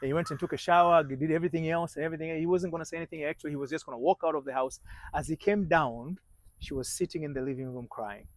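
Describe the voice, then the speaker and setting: A man with a somewhat high voice tells a motivational story as a marriage coach. He restarts his sentences often and drops almost to a hush when the story turns tense. The sound is dry, with no room echo. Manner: halting, many restarts, drops to a hushed voice at tense moments.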